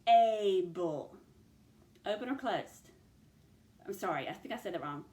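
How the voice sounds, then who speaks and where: A woman's voice: medium pitch, expressive, reverberant. A woman teacher taking young pupils through a phonics lesson, sounding out and stretching words. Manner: slow, stretched-out word sounding.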